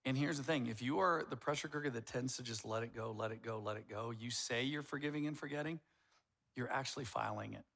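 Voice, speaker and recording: Middle-aged male pastor, animated sermon delivery, bright tone. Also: mid-range voice, fast, vocal fry. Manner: animated, acts out quoted voices.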